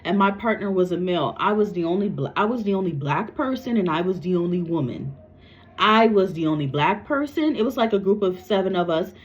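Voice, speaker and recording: A woman's voice: fairly low pitch, lively intonation, brisk. A woman, a psychic medium, talking casually to camera in a blunt, repetitive way and cursing freely. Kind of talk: casual spoken reading to camera. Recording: dull lo-fi recording.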